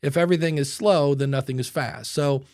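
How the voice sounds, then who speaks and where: A man hosting a podcast in casual chat, animated and talking into a mic with headphones, sometimes acting out voices. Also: on the high side, fairly quick, dry recording, studio quality. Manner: animated, demonstrates voices with sudden loud bursts. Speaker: podcast host. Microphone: studio mic with headphones.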